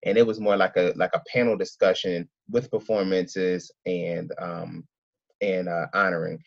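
A man from Philadelphia, an event organizer, telling his story in a casual interview, rambling and excitable with many restarts. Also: low-pitched, moderate pace, gravelly, no room sound, highs cut off.

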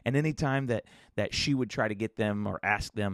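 Guy in his 30s doing a chill solo podcast, lowish voice, dry close sound. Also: fairly even intonation, fast talker, hardly any pauses, dry recording. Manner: casual storytelling with fillers and restarts, sometimes whispering quotes. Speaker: podcast host.

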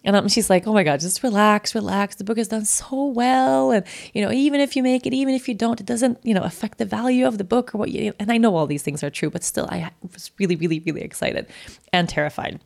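A woman's voice: medium pitch, quick pace, creaky, darkish tone. A woman hosting a podcast, telling a personal story in a candid, chatty way with lots of fillers. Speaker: podcast host.

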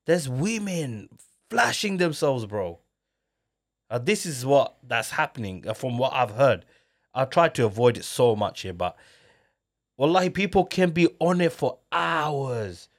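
Casting: man, podcast host, animated and slangy, mid-pitched. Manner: animated storyteller, slangy, quick laughs. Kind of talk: casual podcast chat.

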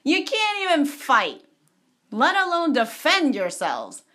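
A woman's voice: fairly high pitch, big pitch swings, a little slow, husky, exaggerated voice. Woman playing a boastful kung fu challenger. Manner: loud, swaggering. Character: boastful male martial arts challenger.

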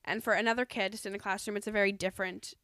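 A woman's voice: medium pitch, steady tone, rapid-fire, fairly bright tone, dry recording. A young woman in casual chat, talking earnestly and rambling with lots of "like"s.

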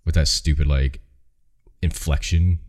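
A Canadian man co-hosting a podcast in casual chat, with a dry, deadpan, sardonic delivery and a Canadian accent. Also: very deep voice, a little slow. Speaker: podcast co-host.

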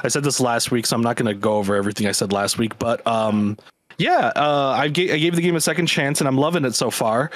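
A man's voice: mid-range voice, fast talker, dry recording. A man on a video call chats in an easygoing, jokey way. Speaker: podcast panelist. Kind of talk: casual chat.

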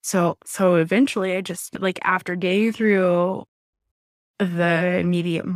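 Speaking in a steady tone, a podcast guest in her thirties from Southwest Florida recounts a deep loss in a personal interview story. She is candid, with emotion surfacing through blunt words and halting restarts. The sound is close-miked and dry, with no echo.

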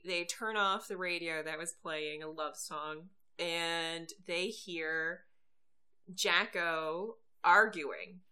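A woman co-hosting a podcast, recapping a TV episode in animated casual storytelling, often laughing. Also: on the low side. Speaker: podcast co-host.

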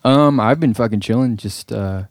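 A man's voice: mid-range voice, normal speed, dry recording, clean studio sound. A young man co-hosting a podcast, bantering casually and joking with a laugh. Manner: joking, playful, laughs often. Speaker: podcast co-host.

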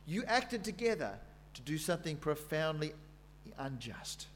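A man's voice: on the high side, big pitch swings, measured pace, slight background noise. An Australian man preaching a sermon. He tells the story in a conversational way and reads scripture aloud with dramatic emphasis.

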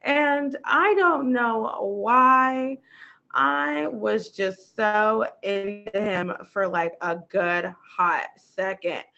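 A woman's voice: mid-range voice, extremely slow, vocal fry, pushed and bright, dull audio. A young woman co-hosting a podcast, chatting casually, laughing often and swearing freely. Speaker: podcast co-host. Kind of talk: casual chat.

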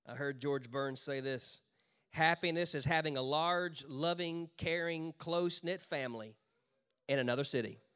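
A male pastor preaching a sermon, swinging from loud calls to the congregation to low, slow emphasis, with humorous conversational asides. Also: clear, resonant tone.

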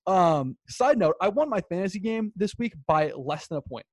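High-voiced excitable young man. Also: moderate pace, no echo, clean studio sound. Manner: excitable, swearing, animated storyteller. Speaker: podcast co-host. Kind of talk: casual sports chat.

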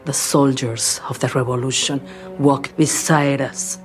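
Brief: a fierce mother defying a demon, slow and solemn, film clip under loud score. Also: rumbling low, fairly even intonation, faint music behind. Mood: defiant. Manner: fierce and solemn, whispered passages. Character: defiant mother banishing a demon. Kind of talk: dramatic TV scene.

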